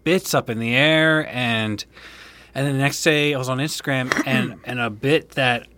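A man's voice: medium pitch, moderate pace, pushed and bright, dry recording. A man co-hosting a comedy podcast, telling stories playfully. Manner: playful, storytelling, laughs along. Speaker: podcast co-host. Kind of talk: casual comedic podcast chat.

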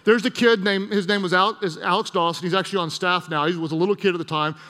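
A male pastor preaches with a high, bright voice, acting out the voices of the people in his stories. His words ring out with long reverb through a large church hall. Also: fast. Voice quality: animated storytelling with acted-out voices. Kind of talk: sermon.

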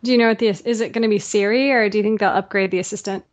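A woman co-hosts a casual tech podcast and talks quickly and eagerly. Her voice sits at an average pitch for a woman. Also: fairly even intonation. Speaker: podcast co-host.

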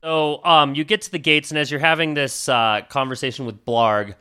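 A man narrating as game master in a tabletop game, laid-back and joking, switching quickly into character voices. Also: a little high, fairly even intonation, sharp tone, clean tone.

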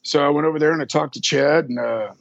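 A man's voice: fairly high pitch, fast, vocal fry, dry recording, dull audio. A man, a drum tech, telling rambling, profane stories in a casual interview and acting out the people he quotes. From Texas.

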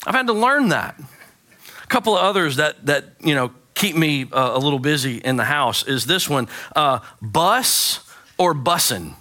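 A man in his forties, a pastor giving a sermon with animated, joking storytelling. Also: a little high, moderate pace. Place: church sanctuary.

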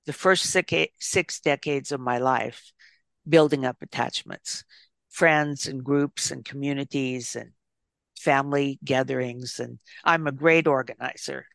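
An older woman, an author and psychologist, speaking as a guest in an interview, reflecting and telling stories with gentle restarts. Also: rumbling low, measured pace, gravelly, dry recording, clean studio sound. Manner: thoughtful storyteller with gentle restarts.

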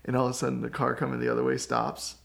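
Gravelly man telling a lively story. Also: mid-range voice, very fast. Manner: animated storyteller. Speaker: podcast co-host. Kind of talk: casual chat.

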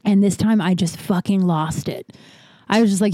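Woman host, warm dark tone, dry close sound, candid swearing monologue with halting restarts. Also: mid-range voice, fairly even intonation, no room sound. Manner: frank and profane, halting with restarts. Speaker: podcast host.

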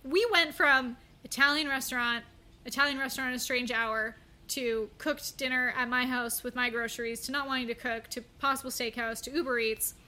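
A woman's voice: sits high, fairly even intonation, fairly quick, bright, forceful tone. A young woman coaching on content, telling a wry story to camera with frequent laughter. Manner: chatty and wry, laughing often.

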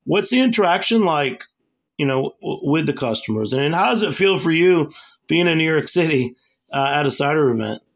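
A man hosts a casual interview with a fairly high voice and a gravelly edge. His questions are upbeat and rambling, and he stumbles and restarts often. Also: lively intonation, moderate pace. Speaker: host.

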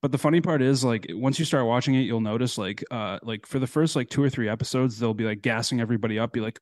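A young man co-hosting a podcast in relaxed, casual chat, telling animated stories. He swears freely and laughs through his own stories. His voice is at a middle pitch and sounds dry and close. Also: fast talker, few pauses, no room sound. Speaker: podcast co-host.

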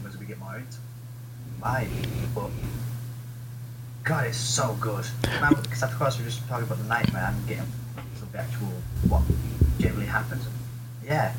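A man from Britain co-hosting a casual movie podcast, enthusiastic and joking, swearing casually. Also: fairly low pitch. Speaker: podcast co-host. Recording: loud background noise.

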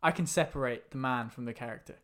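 A man's voice: medium pitch, fast, fairly bright tone. A man co-hosting a film podcast, swearing a lot and mocking movies in a rambling, casual chat. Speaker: podcast co-host.

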